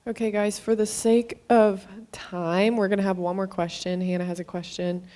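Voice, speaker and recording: A woman moderating a conference Q&A session, brisk and organizing. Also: medium pitch, flat delivery, mellow.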